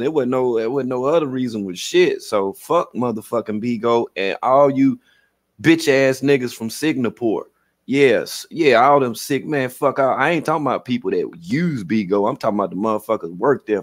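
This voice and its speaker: A man hosting a livestream, ranting profanely and acting out quotes as he tells his stories. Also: medium pitch. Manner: profane, animated storytelling with acted-out quotes. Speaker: livestream host. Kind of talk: casual livestream rant.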